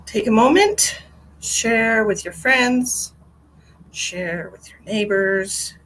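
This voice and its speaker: Speaking slowly, a female psychic medium hosts a live stream, calling out to viewers by name with affectionate words in a relaxed, chatty way. She alternates cheerful exclamations with quiet asides, and there's slight background noise.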